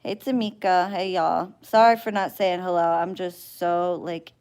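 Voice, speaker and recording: On a livestream, a woman who practises spellwork rants to her viewers, blunt, exasperated and swearing freely, sighing with weariness. Her voice is lowish, mellow and clean, with a steady tone and a slightly slow pace.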